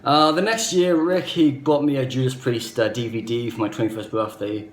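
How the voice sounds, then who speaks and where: At a moderate pace and medium pitch, this thirty-something Australian vlogger rambles earnestly through a personal story to camera, repeatedly reaching for "basically" and "you know." Faint background noise and echo fill the room.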